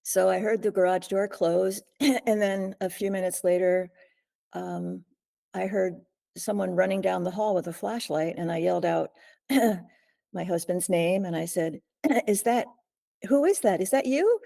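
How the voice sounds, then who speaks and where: An older woman, a guest in an interview, recounting a frightening ordeal slowly and steadily, often pausing to clear her throat. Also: on the low side, level tone, mellow. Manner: measured, frequent throat clearing. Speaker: guest, author.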